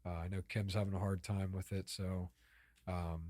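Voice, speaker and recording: A man co-hosting a podcast in relaxed casual chat, mostly short agreeing replies. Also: deep voice, normal speed, no room sound, studio quality. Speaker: podcast co-host.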